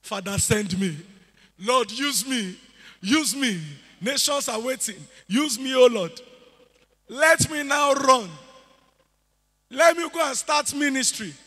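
A man's voice: extremely high pitch, takes it slowly, pauses often, bright, forceful tone, exaggerated voice. A man acting out an eager young man who begs to be sent, pleading and insistent. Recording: echoey hall with music behind.

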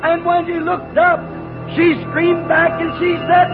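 High-voiced fervent country preacher. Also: male voice, fairly even intonation, normal speed. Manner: homespun country grammar, fervent and rising to shouts. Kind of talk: folksy storytelling sermon leading into an altar call. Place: church service. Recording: dull lo-fi tape with music behind. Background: music.

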